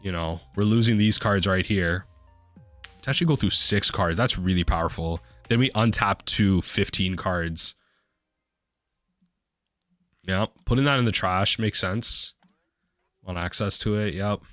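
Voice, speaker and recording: Casual male gamer with a lowish voice, narrating his card game with excited bursts, faint music underneath. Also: unhurried, long pauses, no room sound. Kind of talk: live card game commentary.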